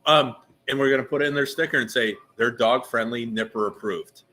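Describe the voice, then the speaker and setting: A man with a bright, sharp-edged voice hosts a casual live interview at a meadery bar. He banters and rambles. His pitch is mid-range for a man. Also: fast. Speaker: host.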